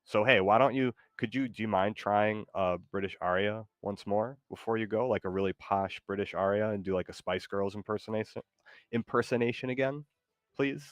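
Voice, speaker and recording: A man's voice: on the low side, a little fast, dry recording, clean studio sound. A man streaming live, chatting with his AI co-host in a rambling way full of fillers.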